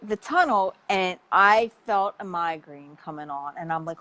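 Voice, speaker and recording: A woman health coach telling an animated, chatty story in casual conversation, with the odd swear word. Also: fairly low pitch, a little slow, few pauses, low-quality recording.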